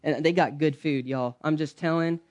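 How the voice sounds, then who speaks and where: High-voiced pastor preaching. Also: male voice, fairly even intonation, normal speed. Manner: conversational preaching, swings between loud emphasis and soft low asides. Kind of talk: sermon. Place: church.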